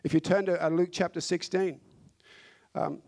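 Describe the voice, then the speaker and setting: A man delivers a sermon in a fairly high voice, fervent and insistent. He hammers points home by repeating phrases and stretching out key words. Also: fairly even intonation, moderate pace, vocal fry, darkish tone. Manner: impassioned, repeats phrases for emphasis. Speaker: preacher.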